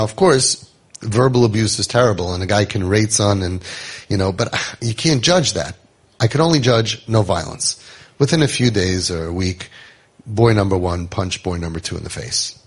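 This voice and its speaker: A middle-aged man, telling stories from founding a home for troubled youth to parents, conversational and animated. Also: lowish voice, breathy edge. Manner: conversational, animated, acts out quotes. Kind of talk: storytelling talk to parents.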